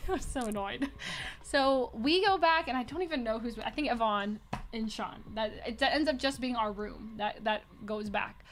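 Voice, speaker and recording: Young woman with a high voice telling a story on a podcast, lively and laughing. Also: measured pace, a little hiss or hum. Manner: animated, laughs often, acts out quotes. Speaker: podcast co-host. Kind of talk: casual chat, storytelling.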